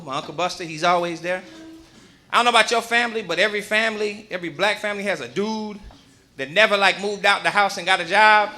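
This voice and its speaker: A male stand-up comedian with a high-sitting voice performs a live set in a comedy club. Using a handheld mic, he tells stories in an animated, punchy way.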